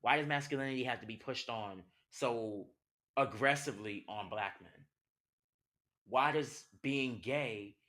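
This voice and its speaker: In an unhurried, medium-pitched voice with a sharp edge, this young male podcast host gives a personal monologue. He sounds passionate and conversational, leaning heavily on rhetorical questions.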